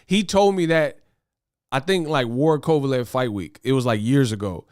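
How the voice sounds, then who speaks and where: A young man hosting a boxing commentary livestream, talking fast in slang, excitable and laughing as he reads viewer chat. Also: mid-range voice, smooth, no room sound, studio quality. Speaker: boxing commentary show host.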